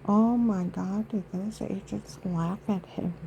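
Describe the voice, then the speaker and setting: A woman's voice: mid-range voice, fairly even intonation, slow, gravelly, mellow, slight background noise, poor audio. A woman vlogging in a rambling, indignant monologue, aggrieved and emphatic with many asides.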